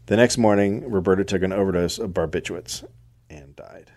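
A man's voice: low voice, a little fast, darkish tone. A middle-aged man co-hosting a comedy podcast, recounting a story with dry, sardonic asides. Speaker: podcast co-host telling a history story.

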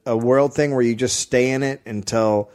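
A man's voice: mid-range voice, fairly even intonation, normal speed, darkish tone. A man co-hosting a comedy podcast in casual chat, dropping dry, teasing quips.

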